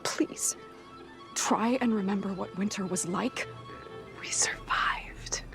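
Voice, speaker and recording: A haunted young survivor, pleads in a slow, gravelly whisper. The voice is breathy and low, and faint music plays underneath. It comes from a tense TV drama scene. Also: female voice, a bit bright. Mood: hushed, grim. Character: grim young woman survivor, hushed and haunted. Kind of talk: series drama clip.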